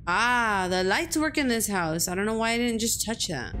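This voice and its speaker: A young woman streams a spooky game with live commentary, her voice sitting a little high. She startles easily, swears without a filter and scolds whatever lurks on screen. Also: expressive, normal speed, hardly any pauses, fairly bright tone, a little hiss or hum. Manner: jumpy, swears freely, talks back to the game.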